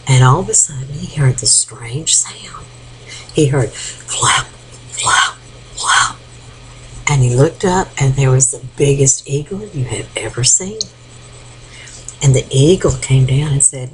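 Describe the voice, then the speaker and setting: An older woman telling a folk tale to her grandchildren, animated and often sinking into a hushed whisper. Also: rumbling low, unhurried, pauses often, a little hiss or hum, poor audio. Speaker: grandmother storyteller.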